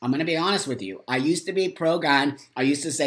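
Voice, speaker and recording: A man's voice: a little high, lively intonation, brisk, hardly any pauses, fairly bright tone. An American man hosting a live morning vlog, reading viewer comments aloud and ranting angrily with lots of swearing and repeated phrases. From United States. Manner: angry, profane ranting.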